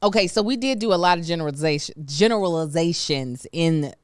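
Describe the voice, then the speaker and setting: A woman's voice: on the low side, animated, a little fast, clear, resonant tone, no echo, clean studio sound. A woman hosting a podcast in casual chat, thoughtful and candid, speaking. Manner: thoughtful, candid, self-deprecating. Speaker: podcast host.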